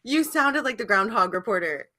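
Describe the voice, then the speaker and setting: A woman co-hosting a casual podcast teases her friend with giggly banter. Her tone is bright and sharp. Her pitch sits a little high and swings a lot. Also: expressive, normal speed. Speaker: podcast co-host. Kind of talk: casual chat.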